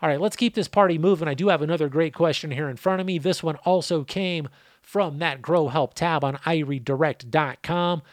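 Man, podcast host, worn-out voice, slightly high pitch, dry close sound. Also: brisk, no echo. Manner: profane, laid-back, rambling. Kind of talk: casual podcast Q&A.

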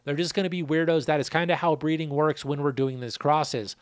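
A man's voice: on the high side, fairly even intonation, brisk, no echo, clean studio sound. A man hosting his own channel, answering a viewer's question in a laid-back, casual way, swearing now and then and running through figures. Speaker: seed breeder and channel host.

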